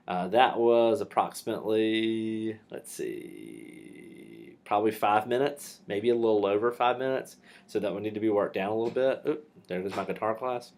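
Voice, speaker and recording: A man's voice: lowish voice, darkish tone. A male teacher casually telling a personal story for his class, with fillers and restarts.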